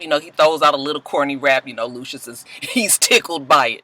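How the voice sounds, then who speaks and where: A man recapping a TV episode in a casual, animated way, full of salty slang and 'you know' asides. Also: medium pitch, brisk, hardly any pauses, dry recording, rough recording. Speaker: TV show reviewer.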